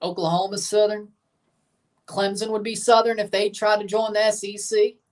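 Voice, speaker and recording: A woman hosting a live game watchalong, giving chatty, blunt reaction commentary and bursting into excited cheers. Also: mid-range voice, moderate pace, recorded from a distance. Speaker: livestream watchalong host.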